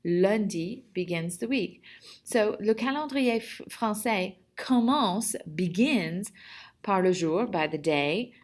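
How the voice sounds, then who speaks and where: A woman's voice: mid-range voice, expressive, takes it slowly. A woman teaching a recorded French lesson to middle schoolers, chatty and encouraging, modelling words for students to repeat. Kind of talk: recorded classroom video lesson.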